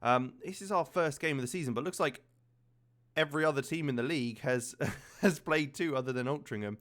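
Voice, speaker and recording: A man casually commentating his own football management game, chatty and prone to fillers, getting excited at key moments. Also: a little high, fairly quick. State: slightly out of breath. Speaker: gaming channel host.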